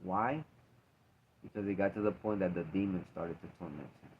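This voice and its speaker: A man's voice: sits low, normal speed, a little hiss or hum. A man in a casual faith talk, speaking earnestly and emphatically, repeating himself to drive points home. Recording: dull lo-fi recording.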